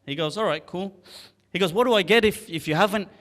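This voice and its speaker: A man telling a story in a casual, animated way, acting out the characters' lines and reciting classical Arabic poetry in a quick, rhythmic chant. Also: sits high. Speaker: Islamic scholar telling a story. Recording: long hall reverb.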